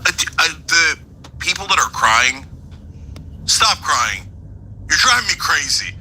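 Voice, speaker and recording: A man's voice: on the high side, sing-song, measured pace, bright, forceful tone, slight background noise, poor audio. A man hosting a show with heated, ranting political commentary. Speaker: host.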